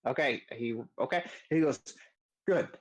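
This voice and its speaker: A man's voice: medium pitch, animated, normal speed, dry recording. A man running a tabletop game as game master, talking with many fillers and restarts.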